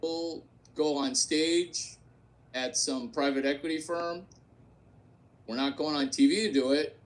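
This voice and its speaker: A man's voice: fairly high pitch, fairly even intonation, a little slow. A man hosting a provocative solo rant, brash and crude, repeating his points for effect. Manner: brash, repetitive, crude joking. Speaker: host.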